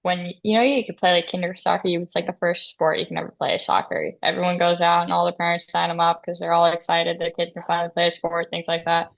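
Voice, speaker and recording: A woman co-host rambles through a story in easy, casual talk, full of "like". Her voice is low with a gravelly, fried edge. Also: level tone, quick pace, few pauses. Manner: rambling, fills with "like". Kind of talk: casual chat.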